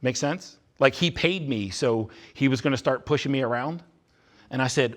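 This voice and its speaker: Man, live motivational talk, blunt, intense, repetitive emphasis, average pitch. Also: a little fast. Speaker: speaker at youth retreat. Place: large indoor room with a live audience.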